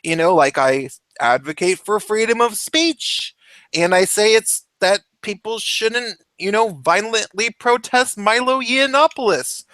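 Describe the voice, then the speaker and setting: A man with a fairly high voice in a casual, opinionated chat, heated and quick to swear. He stumbles and restarts his sentences often. His voice sounds close and dry, with almost no room sound. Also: animated, sharp tone, no echo. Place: home, cat nearby.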